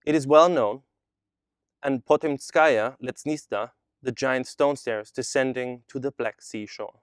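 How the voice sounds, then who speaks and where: A man reading aloud the lines of a chatbot that poses as a Jewish boy from Odessa, in a flat, evenly read delivery. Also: mid-range voice, measured pace, clean tone, no room sound, studio quality, natural voice. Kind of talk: reading a chat transcript aloud.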